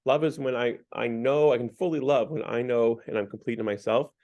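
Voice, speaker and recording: A man of middle pitch leads a church group through a book in an easygoing, unscripted way. He talks loosely, full of "like" and restarted sentences, and moves between retelling the story and drawing out faith lessons. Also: fairly quick, a little mellow, muffled recording. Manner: loose and conversational, heavy on "like" and restarts. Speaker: parish Lent discussion leader. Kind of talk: casual spoken book discussion.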